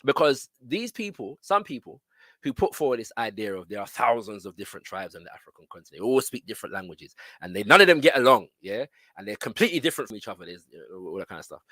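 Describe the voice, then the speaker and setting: A man's voice: fairly low pitch, a bit bright, no echo. A man giving a lecture, reading passages from books aloud and often stopping to check in with his listeners. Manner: emphatic, checks in with listeners with frequent tag questions.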